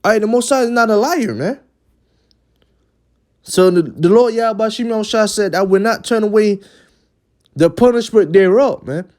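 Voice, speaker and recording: A man's voice: high-pitched, moderate pace, pauses often, a little mellow. A man giving a religious lesson in an emphatic preaching style. He often ends phrases with "man" and sometimes stumbles and repeats words. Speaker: religious teacher.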